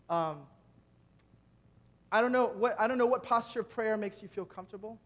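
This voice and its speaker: A man's voice: high-pitched, normal speed, pauses often, fairly bright tone. A man preaching a sermon in a conversational way, making joking asides to the congregation at a church gathering. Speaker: preacher leading prayer.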